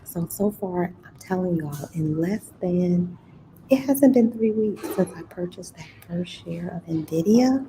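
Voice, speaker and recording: A woman's voice: fairly low pitch, expressive, unhurried. Chatty woman streaming from a noisy store. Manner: chatty, drops to a whisper at times. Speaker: host of a money and investing channel. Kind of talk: casual live-stream chat. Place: inside a busy computer store. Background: store ambience and chatter.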